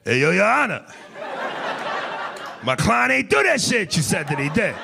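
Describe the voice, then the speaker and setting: Man doing a loud swaggering lawyer, shouty, high-pitched, noisy live room. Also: sing-song, moderate pace, vocal fry, heavily acted. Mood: brash. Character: brash street-talking male defense lawyer. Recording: live club recording with crowd noise.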